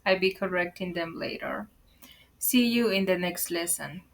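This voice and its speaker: A woman's voice: lowish voice, moderate pace, slight background noise, low-quality recording. A woman teaching English online, explaining word order carefully to viewers she calls guys, speaking English as a second language. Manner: careful explanations, repeated warnings to be careful.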